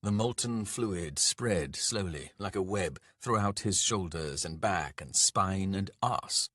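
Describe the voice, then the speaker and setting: A man narrating a dark fantasy audiobook in a measured, dramatic way. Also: deep voice, animated, dry recording, clean studio sound.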